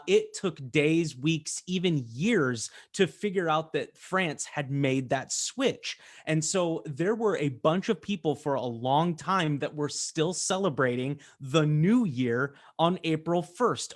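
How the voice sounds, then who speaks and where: Casting: American man, 30s, friendly web-show host, a bit high-voiced, rambling and upbeat. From United States. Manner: chatty and upbeat, with fillers and asides. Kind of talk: casual webinar presentation.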